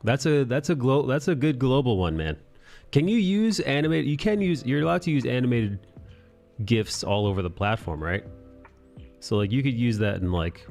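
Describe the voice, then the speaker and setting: A man's voice: medium pitch, a little mellow. A man from New York City hosting a livestream, chatting casually and swearing freely with his viewers while he draws. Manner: profane, joking, chatty with viewers. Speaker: livestream host. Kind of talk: casual chat while drawing.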